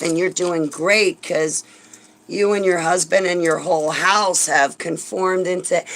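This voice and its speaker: A woman's voice: lowish voice, gravelly, a bit bright, poor audio. A woman vlogger delivering a heated, sarcastic religious rant, indignant and swearing when angry.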